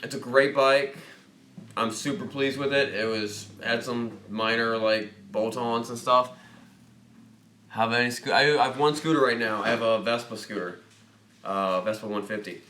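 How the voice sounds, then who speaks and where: A bright, forward-sounding man chatting through a casual livestream. He rambles and jokes while answering viewer questions. The room is echoey, with a faint hiss underneath. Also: mid-range voice. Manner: rambling, jokey, thinks aloud. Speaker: host of a motorcycle dealership livestream.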